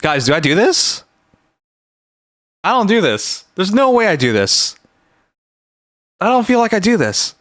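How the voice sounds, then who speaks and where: A livestreamer with a Canadian accent, reacting in casual chat with loud exclamations and frequent swearing. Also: medium pitch, unhurried, long pauses, no room sound, studio quality. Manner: animated, exclaiming, swearing often.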